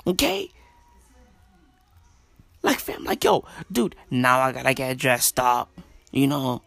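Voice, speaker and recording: Slow, hushed man ranting. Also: mid-range voice, wildly swooping pitch, gravelly, no room sound. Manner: slangy, profane, repetitive rambling. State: speaking in a hushed half-whisper. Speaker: podcaster. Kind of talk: casual rant. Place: own bedroom at home.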